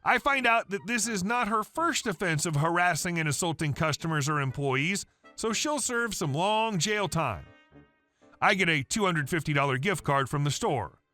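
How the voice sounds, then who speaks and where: Bright-voiced man narrating a story. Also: high-pitched, animated, moderate pace, faint music behind. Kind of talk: scripted narration.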